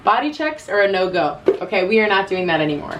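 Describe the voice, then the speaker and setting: A woman's voice: mid-range voice, sing-song, quick pace, distant mic, background noise. A woman in her twenties giving casual self-love advice to camera, earnest and chatty, often quoting her own inner voice.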